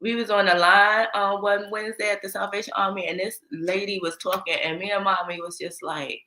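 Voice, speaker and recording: A woman's voice: medium pitch, flat delivery, fairly quick, pushed and bright, roomy sound, a little hiss or hum. A woman from New York with a New York accent, co-hosting a casual chat, playful and laughing as she acts out reactions. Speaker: co-host.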